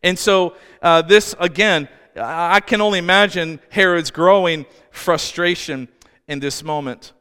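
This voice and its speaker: Speaking a little slowly, a man preaches as pastor in his high voice, bright, forceful, clear and resonant, narrating the story conversationally with asides. Faint music drifts through the reverberant church hall.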